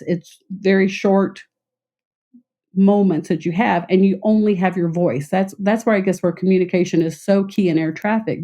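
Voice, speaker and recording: A middle-aged woman from Texas with a light Southern accent, explaining her past work as a guest in an interview in a clear, concise, measured way. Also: lowish voice, dark tone. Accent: light Southern American. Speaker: interview guest, former air traffic controller. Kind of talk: conversational interview.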